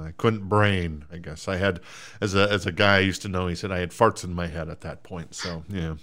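A man's voice: low-pitched, a bit bright. A man from Minnesota hosting a sports podcast, rambling and joking at his own expense. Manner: rambling, self-deprecating, joking. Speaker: podcast host. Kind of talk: casual sports podcast chat.

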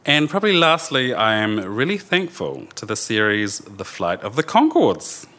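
Lively New Zealand man telling a story. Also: fairly low pitch, moderate pace. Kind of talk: live storytelling. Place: live theatre stage.

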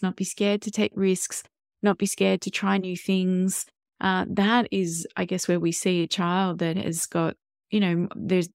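A woman in her thirties, a parenting guest, explaining ideas in a measured and reflective way. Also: on the low side, a little mellow, no echo, clean studio sound. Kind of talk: interview answers.

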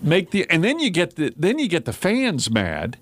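A man's voice: a little high, moderate pace, no room sound. A man hosting a talk radio show in casual chat, telling stories and acting out quotes in raised voices. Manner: animated storyteller, acts out quotes in raised voices.

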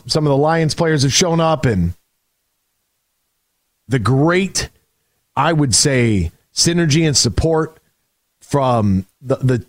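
A man hosting a call-in sports radio show, talking in an energetic, rambling way with frequent restarts. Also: medium pitch, no echo, studio quality.

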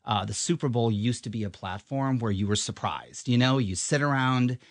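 A man's voice: medium pitch, moderate pace, dry recording, clean studio sound. A middle-aged man, talking casually as an advertising guest and rambling with lots of ums and restarts. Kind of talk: casual interview chat.

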